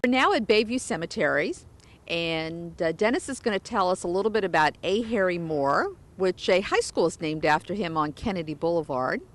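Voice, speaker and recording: A woman's voice: fairly low pitch, animated, normal speed. A woman, as interviewer, gives a brief conversational introduction to her guest. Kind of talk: on-location introduction.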